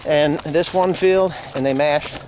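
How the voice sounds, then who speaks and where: A man's voice: on the high side, slow, a little mellow, a little hiss or hum. A man, a farmer with a New Jersey accent, ranting furiously and swearing while filming outdoors in his field on a handheld camera. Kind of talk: angry vlog rant.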